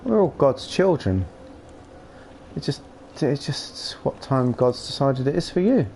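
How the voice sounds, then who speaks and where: A young man chatting casually and playfully with his live chat while streaming a game, rambling and breaking into silly shouts. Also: medium pitch, very animated, unhurried, slight background noise.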